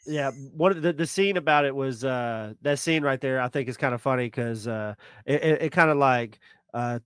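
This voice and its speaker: A man co-hosting a podcast, talking in a halting, casual way full of fillers. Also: medium pitch, a bit bright, clear, resonant tone, no echo, clean studio sound. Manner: halting, many fillers and restarts. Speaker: podcast co-host. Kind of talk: casual chat.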